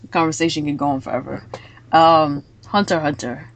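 Quick-talking woman hosting a podcast. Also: sits low, lo-fi sound. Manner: quick, animated retelling. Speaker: podcast host. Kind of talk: casual podcast chat.

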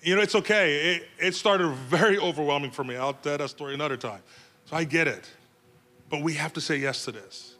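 A man's voice: fairly high pitch, fairly quick, bright, forceful tone. A man preaching a sermon in a conversational, repetitive way with many fillers, making pleading, urgent appeals.

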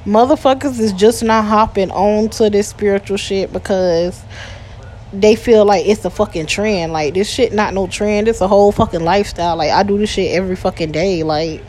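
A woman's voice: mid-range voice, moderate pace, a little mellow, slight background noise. A woman, recording a profane, exasperated ranting voice message. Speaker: voice message poster.

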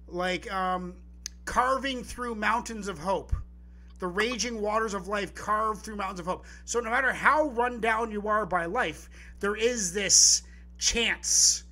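A man co-hosting a live poetry podcast, chatting casually and excitedly, rambling with restarts and the odd curse. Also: high voice. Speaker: podcast co-host.

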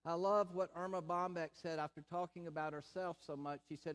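A man with a high voice preaches a sermon, slow and deliberate. He leans on repeated phrases to drive home each point. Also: steady tone, fairly bright tone. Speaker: pastor.

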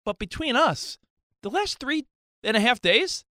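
A man co-hosting a talk show, defensive and animated, stumbling over restarts. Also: extremely high pitch, a little slow, dry recording, clean studio sound. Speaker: radio show co-host. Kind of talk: casual talk show chat.

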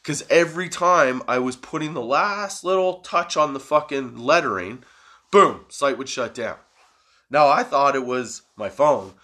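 A man hosting his own podcast, rambling in a casual, profane, self-mocking way after staying up all night high. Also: expressive, a little slow, pushed and bright. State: sleepless and high. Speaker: podcast host.

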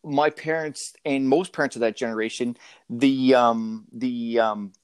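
A man's voice: mid-range voice, fairly even intonation, measured pace, clear, resonant tone, dry recording. A man in his thirties, a father talking in a casual interview, hesitant and full of fillers and restarts.

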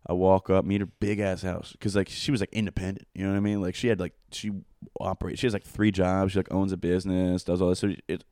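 A man's voice: deep voice, level tone, fast, warm tone, no room sound, clean studio sound. A young man telling a long, rambling, profane story in casual chat, full of fillers.

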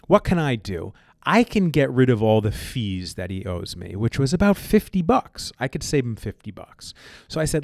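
A man's voice: on the low side, dry recording, studio quality. A man hosting a podcast, lecturing bluntly and emphatically with frequent swearing. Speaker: podcast host and gym owner. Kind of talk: casual advice monologue.

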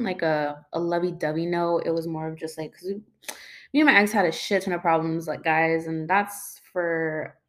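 A young woman speaking mixed in, telling a personal story in a rambling, casual way many fillers and emotional moments. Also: fairly low pitch.

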